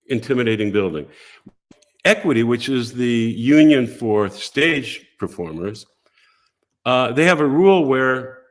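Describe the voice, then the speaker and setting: An older man, a guest on a talk show, telling a story with animated storytelling and acting out the voices of the people in it. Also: medium pitch. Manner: lively, acts out voices and quotes in his stories.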